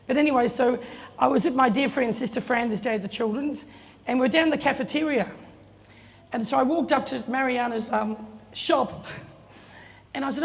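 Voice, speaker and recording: A woman's voice: high-pitched, normal speed, long pauses. A middle-aged woman telling a chatty, laughing story to an audience, acting out the voices of the people in it. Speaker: guest speaker telling a story at an opening. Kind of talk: casual anecdotal speech. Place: event space. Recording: long reverb, faint room noise.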